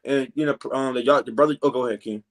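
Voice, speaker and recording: A man with a mid-range voice teaches from scripture in a laid-back preaching manner. Pauses get filled with "man" and "you know," while the Bible passages themselves are read slowly and deliberately.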